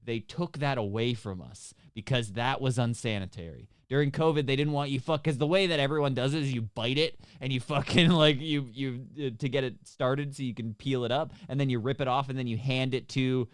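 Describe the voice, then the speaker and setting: A man's voice: mid-range voice, fairly even intonation, a little fast, few pauses, smooth, dry recording, clean studio sound. A young man, telling a rambling, profane story on a podcast and laughing often. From Canada. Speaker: podcast co-host. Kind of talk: casual chat.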